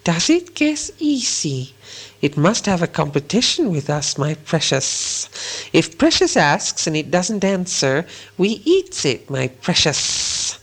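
A hissing slimy cave creature. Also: male voice, fairly high pitch, sing-song, a bit bright, exaggerated voice. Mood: wheedling, hissing. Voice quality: hissing, whispery, drawn-out.

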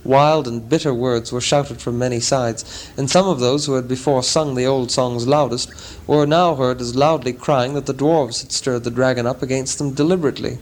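Male narrator, dramatic, deliberate, mid-pitched, audiobook. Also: fairly even intonation. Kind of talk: scripted narration.

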